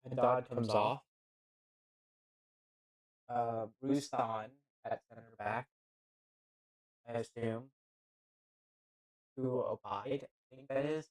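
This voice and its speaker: A man calling a football match live as an amateur commentator, speaking slowly and in a halting way. He keeps second-guessing player names and drops casual asides between the plays. His pitch sits in an ordinary middle range for a man. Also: fairly even intonation, poor audio. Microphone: handheld microphone.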